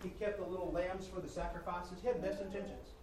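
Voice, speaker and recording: Man, preacher, sermon, high voice, confessional storytelling, echoey hall. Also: flat delivery, fast talker, slight background noise. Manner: confessional, storytelling, swings from quiet to loud and exasperated. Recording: echoey room, distant mic, faint ambience.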